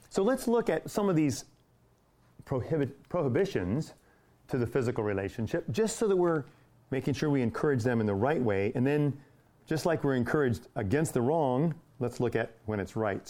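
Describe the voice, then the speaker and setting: A man's voice: medium pitch, a little mellow. A man teaching a church Bible class in a conversational, folksy way, acting out little scenes.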